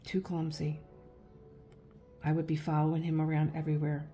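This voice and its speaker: A woman's voice: deep voice, monotone, normal speed, warm tone, faint music behind. A middle-aged woman hosting her own channel, chatting casually in a rambling, storytelling way while she works on an art project. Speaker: artist and channel host. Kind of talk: casual chat while working on a craft project.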